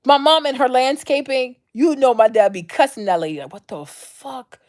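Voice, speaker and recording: A woman vlogger delivering an unscripted rant, blunt and heavy on the swearing. She leans on slang and circles back to the same lines again and again. Her voice sits slightly higher than average. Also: lively intonation, fairly quick, darkish tone. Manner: blunt, profane, repetitive, slangy. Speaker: vlog host.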